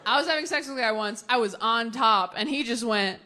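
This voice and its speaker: A woman's voice: on the high side, brisk. A woman doing stand-up, teasing the crowd with incredulous questions and often laughing mid-line. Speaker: stand-up comedian. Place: large comedy venue with live audience. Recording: live hall reverb with crowd noise.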